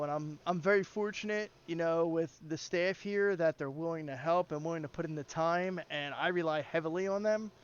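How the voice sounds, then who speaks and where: A man hosts a casual voice chat on running game servers, talking in an easygoing, joking way with lots of fillers. His voice sits a bit high and comes through smooth and clear. The headset audio is dull and lo-fi. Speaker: game server community founder and host.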